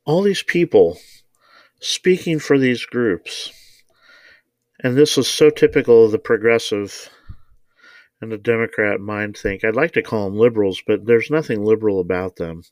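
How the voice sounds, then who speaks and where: A man's voice: fairly low pitch, moderate pace, darkish tone, dry recording, studio quality. A man hosting a podcast, reading from a novel and commenting with indignant rhetorical questions. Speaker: podcast host.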